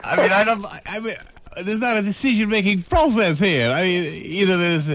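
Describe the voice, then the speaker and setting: A man's voice: high-pitched, moderate pace, heavy background noise. A man hosting a morning radio show, teasing and wheedling his guest in playful banter. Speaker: radio host.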